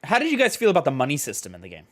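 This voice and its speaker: A young man co-hosting a casual chat show, retelling scenes in a lively way and acting out the quoted lines. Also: fairly high pitch, very fast. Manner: animated storytelling, acts out quoted lines. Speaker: podcast co-host.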